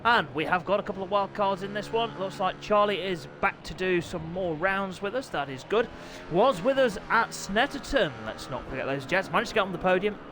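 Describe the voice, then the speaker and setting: Guy doing sim race commentary on stream, bit high voiced, bouncy, keeps clearing his throat. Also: lively intonation, a little fast, over music. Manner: chatty, banters with chat, clears throat often.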